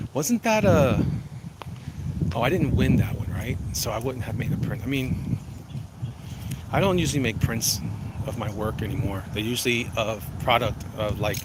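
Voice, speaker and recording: A man's voice: medium pitch, very noisy. A man chatting casually on a walking livestream, reading out chat messages, rambling and joking with frequent restarts. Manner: rambling, self-interrupting, jokey. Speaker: vlogger reading live chat. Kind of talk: casual walk-and-talk livestream. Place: outdoors walking.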